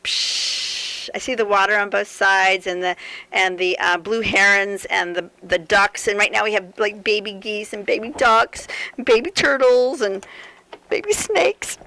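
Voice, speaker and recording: A woman's voice: medium pitch, steady tone, normal speed, bright, forceful tone, poor audio. A middle-aged woman giving a live sewing demonstration to an audience at a fair, telling rambling, joking stories as she works. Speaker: sewing seminar presenter.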